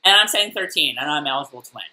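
Playful female co-host with a lively, bright delivery. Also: deep voice, very fast. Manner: playful, animated, laughs often. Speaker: co-host of a fan recap show. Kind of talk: casual chat.

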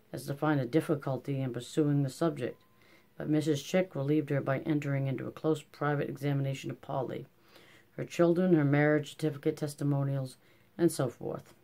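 A narrator reading a classic novel aloud in a measured, even way. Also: medium pitch, creaky. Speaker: audiobook narrator. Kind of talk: scripted audiobook narration.

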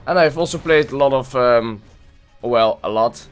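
A man's voice: medium pitch, normal speed, soft background music. A man giving live gameplay commentary, frustrated and swearing at the game as he plays. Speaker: gameplay video creator.

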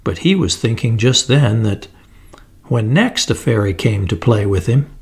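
Slow, gravelly male storyteller. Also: lowish voice, expressive. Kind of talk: storybook narration.

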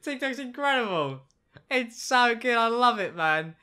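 A man giving casual reaction commentary, with sarcastic, deadpan asides. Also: very high-pitched, a little slow, smooth. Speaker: YouTube commentator.

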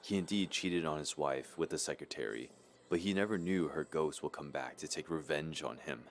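Very deep-voiced horror story narrator. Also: male voice, normal speed, slight background noise.

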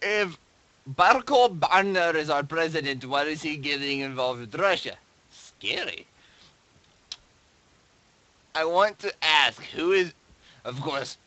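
A man casually reading and joking about viewer posts, laughing often and swinging between loud outbursts and mumbles, close to his desk mic. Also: on the high side, lively intonation, slow pace, pauses often, rough recording. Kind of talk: casual commentary. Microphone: desk mic right beside him.

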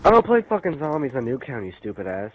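Young male gamer, mid-pitched, heavy swearing and mockery; swooping delivery, hissy noisy mic. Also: big pitch swings, quick pace, narrow, tinny audio. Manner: crude mocking insults, swearing. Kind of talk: casual party chat over gameplay.

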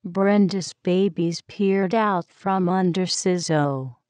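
Woman narrating a kids' storybook, very slow and smooth, dry close sound. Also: fairly low pitch, a little mellow, no echo. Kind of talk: children's story reading.

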